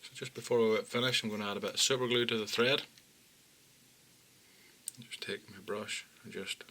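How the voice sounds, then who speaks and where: A man calmly talking through fly-tying steps as an instructor, often dropping low and quiet. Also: normal speed. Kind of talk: step-by-step tutorial narration.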